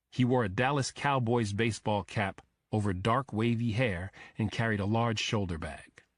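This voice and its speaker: A man narrating a crime thriller audiobook in the first person, measured and even. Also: lowish voice, dry recording.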